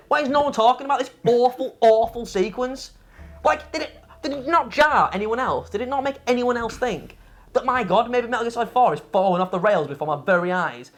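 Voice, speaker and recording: Woman ranting, swearing, exasperated. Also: fairly high pitch. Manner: exasperated ranting, profane, animated. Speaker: game reviewer co-host. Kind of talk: casual review chat.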